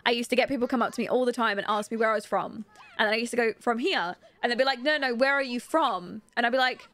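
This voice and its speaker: A young woman from Britain talks quickly in a fairly high, slightly bright voice while streaming a life-simulation game. She keeps up casual commentary, replies to chat as she reads it, and giggles often.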